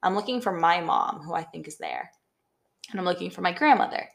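A woman's voice: on the low side, lively intonation, fairly quick, gravelly. A young woman co-hosting a podcast, telling a long story in a rambling way with lots of "like". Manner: rambling storytelling, heavy use of "like". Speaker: podcast co-host. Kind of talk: casual chat.

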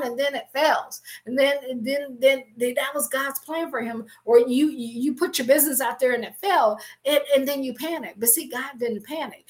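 A middle-aged woman giving an emphatic, preachy motivational talk on business, weaving in scripture and repeating her points. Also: high voice.

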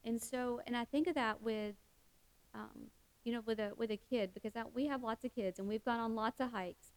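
A woman's voice: a little high, fairly even intonation, moderate pace, poor audio. A middle-aged woman giving a heartfelt devotional talk, earnest, with many fillers and restarts. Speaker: Christian speaker.

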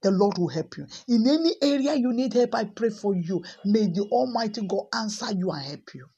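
Preacher going on and on about asking god for help, raspy breathy voice, kinda muffled lo-fi sound. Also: mid-range voice, expressive, moderate pace, dark tone. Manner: repetitive, exhorting, bursts of speaking in tongues. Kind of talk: sermon with prayer.

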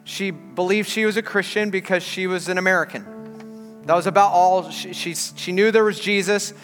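A man in his thirties preaching a sermon as a pastor, telling an animated story before turning earnest. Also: high-pitched, normal speed. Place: church auditorium. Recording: large hall with long reverb, faint music.

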